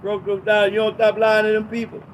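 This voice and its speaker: A man preaching a sermon, exhorting listeners and reading scripture slowly, repeating lines for emphasis. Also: high-pitched, completely flat delivery, slight background noise, low-quality recording. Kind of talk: sermon teaching.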